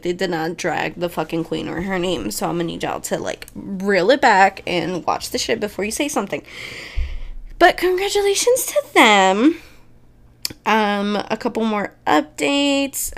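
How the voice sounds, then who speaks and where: A young woman hosting a casual entertainment news podcast, chatty and quick to laugh, swearing freely as she rambles. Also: medium pitch. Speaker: podcast host. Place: Chicago.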